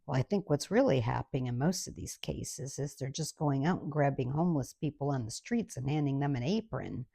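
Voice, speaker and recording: An older woman tells an exasperated, sarcastic comic story. Her voice is low, husky and gravelly, with a mellow tone. The sound is close and dry. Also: expressive, a little fast, few pauses, no room sound. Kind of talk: comic rant monologue.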